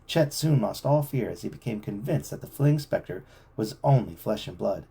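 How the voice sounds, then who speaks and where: A man reads a boys' adventure novel aloud to a child at home. His voice is dark and gravelly with a husky rasp, and it rises and falls in lively storyteller fashion. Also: on the low side, normal speed.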